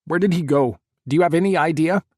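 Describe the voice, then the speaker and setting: A man's voice: fairly high pitch, fast, a little mellow, no echo, studio quality, voice pushed up, close to an everyday voice. A man voicing a grieving former president who pleads urgently for help. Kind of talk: audiobook character voice.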